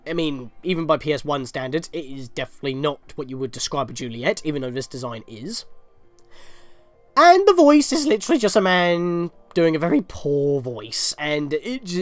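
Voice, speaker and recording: Rambling, excitable gaming commentator man. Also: fairly high pitch, no echo. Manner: rambling, laughing, easily exasperated. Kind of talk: casual game walkthrough commentary.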